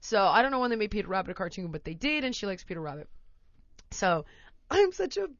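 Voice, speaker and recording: A woman host telling a long story in casual chat, animated and often laughing, acting out her toddler in voices. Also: medium pitch, quick pace, dry recording, dull audio.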